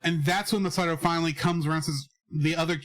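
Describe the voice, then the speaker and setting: A man co-hosting a casual podcast review, acting out scenes and swinging his voice up and down. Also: quick pace. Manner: animated, acts out scenes with big pitch jumps. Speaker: podcast co-host.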